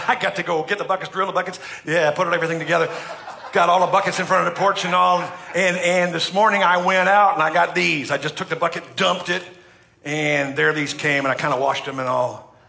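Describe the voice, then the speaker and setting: Middle-aged American pastor, bright forceful voice a bit high, jokey preaching, acts out quotes. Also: male voice, fairly even intonation, a little fast, vocal fry, a little hiss or hum. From United States. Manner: humorous, chatty preaching with acted-out quotes. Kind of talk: sermon.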